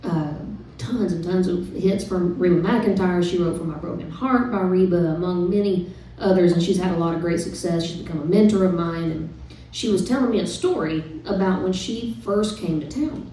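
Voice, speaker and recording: A woman singer-songwriter chatting with the audience between songs, telling a story in a relaxed, rambling way with plenty of fillers. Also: on the low side, normal speed. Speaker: singer-songwriter performing live. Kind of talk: casual stage banter between songs. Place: live music club stage. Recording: very echoey live room from a distant mic.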